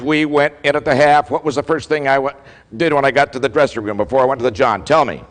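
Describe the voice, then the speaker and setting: An older male keynote speaker tells a story with lively, acted-out dialogue. His voice sits at a middle pitch, and a long reverb trails behind it in a large hall. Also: fast. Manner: animated storyteller acting out quoted exchanges. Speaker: motivational speaker. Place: large hall before a live audience.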